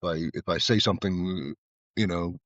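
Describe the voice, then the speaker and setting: A man's voice: low voice, moderate pace, fairly bright tone, no room sound, muffled recording. An American man from Florida, a guest telling loose, rambling stories in casual conversation, with lots of "you know" and repeated words. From Florida, USA. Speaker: guest, flower bike artisan.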